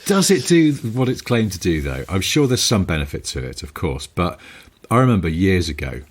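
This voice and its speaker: A British man co-hosting a casual podcast, telling animated anecdotes and chuckling. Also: low voice, normal speed, slight background noise. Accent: British English. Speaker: podcast co-host. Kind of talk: casual chat.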